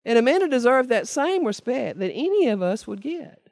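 A woman's voice: a little high, big pitch swings, moderate pace, a little mellow, dry recording. Older woman, earnest testimony, emphatic repetition, dry close sound. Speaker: speaker sharing her recovery story. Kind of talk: personal testimony talk to a meeting.

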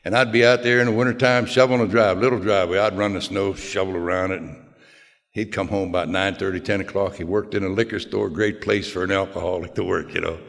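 A man's voice: low-pitched, steady tone, quick pace, gravelly, fairly bright tone. An older man telling his own story in a folksy, plain-spoken way with self-mocking humor. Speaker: speaker sharing his story. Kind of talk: personal storytelling talk. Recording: long hall reverb.

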